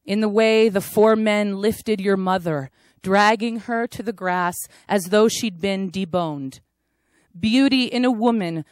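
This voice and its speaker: A woman performing her own spoken word poem, telling it in a hushed, intense way that swells at times. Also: mid-range voice, clear, resonant tone, no echo. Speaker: poet. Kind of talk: spoken word poetry reading.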